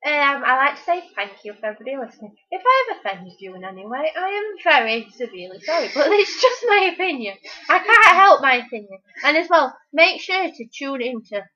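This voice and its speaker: A teenage girl rambles through her opinions in a casual chat, with lots of fillers along the way. Her voice is high and bright and swoops up and down a lot. The home recording sounds dull and lo-fi. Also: sing-song, brisk, few pauses. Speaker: interviewee.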